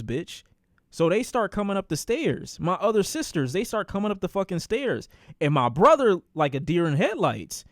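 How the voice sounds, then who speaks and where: On a casual storytime stream, a man tells an animated, profane story, performing the voices of its characters. His voice is high-pitched, and the recording is studio quality with no room sound.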